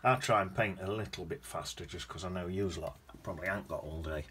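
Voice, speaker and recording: Chatty low-voiced man. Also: a little fast, fairly bright tone, slight background noise. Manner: chatty, rambling, hums to himself while painting. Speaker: watercolour painting teacher. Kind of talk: casual painting demonstration.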